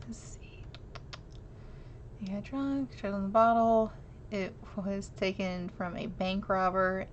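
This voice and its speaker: Giggly woman streaming, low-key. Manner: giggly, self-deprecating, chatty with viewers. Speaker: streamer reading an old newspaper clipping. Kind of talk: casual live-stream chat and reading aloud. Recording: slightly dull lo-fi stream audio with faint noise.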